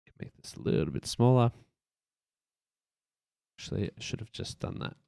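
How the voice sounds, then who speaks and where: Low-voiced man thinking aloud while designing. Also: animated, moderate pace, gravelly, warm tone, clear, resonant tone, no echo, clean studio sound. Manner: thinks aloud, loose and rambling, with playful sound effects. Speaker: streamer building a website. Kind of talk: casual live-stream commentary while working.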